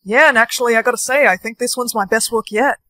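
A woman's voice: a little high, quick pace, fairly bright tone, dry recording, low-quality recording. A woman acting out a young man who loves history, teasing and sheepish in a scripted comedy skit. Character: playful young man, history-loving soulmate.

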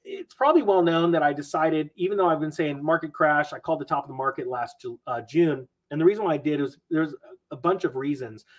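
A man who is a finance video maker, chatting casually as a podcast guest with animated, self-mocking storytelling. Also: on the high side, fairly quick, low-quality recording.

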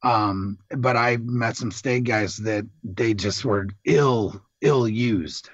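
A man's voice: medium pitch, takes it slowly, no room sound, dull audio. A middle-aged man, a Marine veteran guest, telling rambling, profane stories in casual chat.

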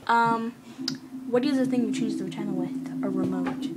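A woman's voice: on the high side, moderate pace. A young woman with a New York accent, reading a word list and answering questions for an accent challenge video, chatty and easily flustered. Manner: chatty, flustered, self-mocking. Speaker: vlogger. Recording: noisy webcam recording.

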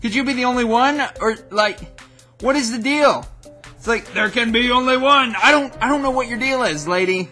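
A young man doing goofy, excitable let's play commentary as a gaming YouTuber, often breaking into shouts. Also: extremely high pitch, moderate pace, faint music behind.

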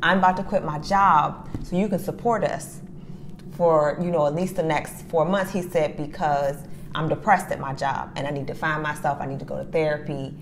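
This is a woman co-hosting a relaxed podcast conversation. She tells stories with animated energy, acting out each side. A faint hum of noise sits behind her voice. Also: low-pitched, moderate pace. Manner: animated storyteller who acts out both sides of a text exchange. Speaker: podcast co-host. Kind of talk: casual chat.

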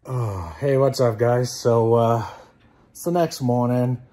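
A man's voice: mid-range voice, steady tone, slow, mellow. A middle-aged man chatting casually to viewers in a family vlog at home, rambling with lots of fillers. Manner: rambling, with many "uh" and "you know"; speaks to the viewers directly as "guys". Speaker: family vlogger and dad. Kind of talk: casual vlog chat to camera.

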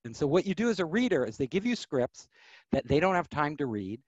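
A middle-aged man, a podcast guest, telling stories of his career in an animated way and acting out the voices of people he quotes. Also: a little high, fairly quick, no echo, highs cut off. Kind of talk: storytelling interview.

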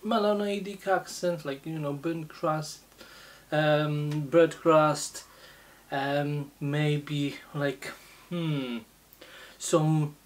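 A low-pitched woman talks through a beer tasting at a very slow, unhurried pace. She pauses often and fills the gaps with little hesitations as she describes what she notices. It sounds like a relaxed, casual review. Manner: slow, halting, many fillers.

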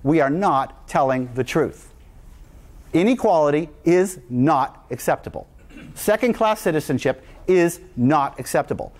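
A man addresses an audience with a slightly high voice. He speaks emphatically and in a rousing way, and his pitch swings widely as he presses each point. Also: expressive, unhurried, darkish tone. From United States. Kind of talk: speech to an audience.

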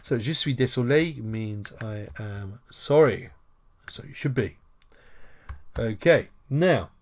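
A man's voice: medium pitch, expressive, slow pace, a little mellow. A man teaching a screen-recorded language lesson, chatty with jokey asides and a playfully formal manner.

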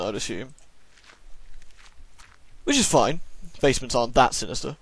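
A man's voice: mid-range voice, lively intonation, measured pace, husky. A man with a sore throat giving jokey, sarcastic commentary while playing a horror game. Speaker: let's play host. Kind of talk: gameplay commentary.

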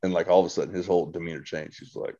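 A man's voice: low-pitched, little pitch movement, racing, mellow, muffled recording. A man casually telling a long ghost story to his brother, full of restarts, swearing and quoted dialogue. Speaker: podcast guest, host's brother.

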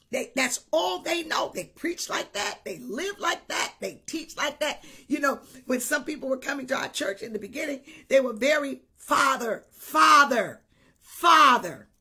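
A woman bishop preaching a sermon, animated, shouting at times and breaking into tongues. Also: high voice.

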